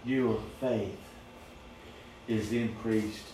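A man's voice: lowish voice, steady tone, very slow, dark tone, a little hiss or hum. A man preaching a sermon in an emphatic, repetitive cadence in a church. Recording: very echoey, distant mic.

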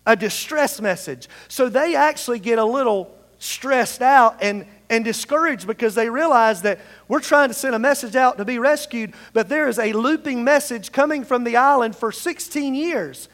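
High-voiced preacher in a reverberant hall. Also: male voice, moderate pace, hardly any pauses, fairly bright tone. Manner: leads the congregation in call-and-response scripture reading. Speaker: pastor. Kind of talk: sermon. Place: church sanctuary. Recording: long reverb of a large hall.

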